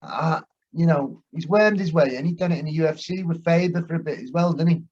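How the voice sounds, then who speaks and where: A man's voice: fairly high pitch, fairly quick, a little mellow. A man co-hosting a casual chat, brusque and sweary, with lots of short agreeing replies. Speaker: podcast co-host. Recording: dull lo-fi recording.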